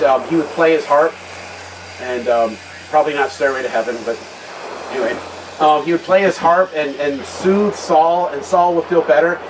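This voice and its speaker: A man giving a conversational talk at a men's retreat, retelling a Bible story with many restarted phrases and a quieter voice for serious points. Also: on the high side. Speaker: guest speaker at a men's retreat. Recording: distant mic with loud background noise.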